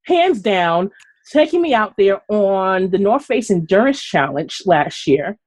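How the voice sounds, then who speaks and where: Husky-voiced woman telling animated stories. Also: mid-range voice, measured pace. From Brooklyn, New York. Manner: animated, laughing, acts out quotes. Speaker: guest runner. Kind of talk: casual storytelling on a live video chat.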